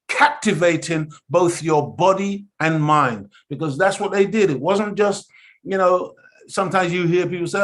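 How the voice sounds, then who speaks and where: Emphatic, higher-voiced man lecturing. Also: moderate pace. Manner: emphatic, preacherly, often checks in with "okay?"; addresses listeners as family. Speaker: study group lecturer. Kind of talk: impassioned lecture.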